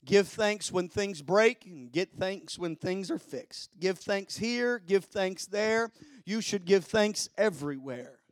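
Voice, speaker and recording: High-voiced preacher, soft then shouting. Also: male voice, animated, slow, dry recording, clean studio sound. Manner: swings from hushed asides to shouted preaching; exclaims hallelujah and glory often. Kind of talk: sermon.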